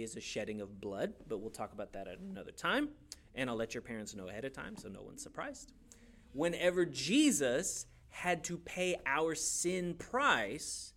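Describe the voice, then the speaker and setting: A man's voice: medium pitch, fairly bright tone. A man teaching a youth Bible class in a casual, joking way, asking the class questions as he goes.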